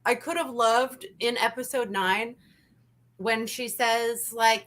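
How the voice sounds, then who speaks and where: A woman with a high, bright voice hosts a casual review chat. She talks in an animated, emphatic rush and hammers her points home by repeating them. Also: slow pace. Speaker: channel host.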